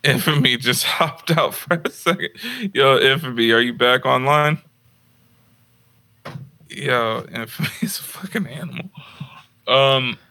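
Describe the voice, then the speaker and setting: A man's voice: mid-range voice, vocal fry, sharp tone. A young man from Northern California telling a story in a casual, profane, laughing chat over an online call. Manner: laid-back, profane, laughs while telling stories.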